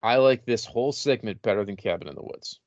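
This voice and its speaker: A man's voice: on the low side, a little fast, no echo, lo-fi sound. A man co-hosting a podcast, chiming in with offhand, opinionated remarks. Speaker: podcast co-host. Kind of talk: casual film review chat.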